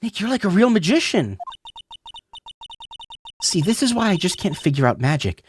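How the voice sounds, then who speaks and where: A bubbly, excitable young sidekick with a high, bouncy voice that jumps all over, as a woman reads her from a game. Faint music sits behind her. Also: normal speed. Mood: excited. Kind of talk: reading game dialogue aloud.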